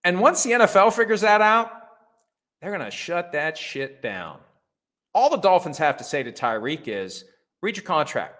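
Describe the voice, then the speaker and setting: A man's voice: sits high, lively intonation, normal speed, fairly bright tone. A middle-aged man hosting a sports talk show, giving blunt, sarcastic opinions with casual swearing. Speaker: host.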